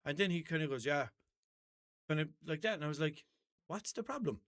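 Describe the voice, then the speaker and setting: A man's voice: fairly high pitch, fairly quick, a bit bright, clean tone, no echo, clean studio sound. A man hosting a podcast, telling rambling stories in casual chat and acting out both sides of his arguments. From Ireland. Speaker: podcast host. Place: indoor room.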